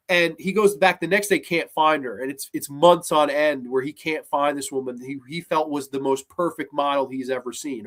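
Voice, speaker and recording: Enthusiastic, profane man reviewing horror films. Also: a little high. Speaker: horror podcast host. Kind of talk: casual film review.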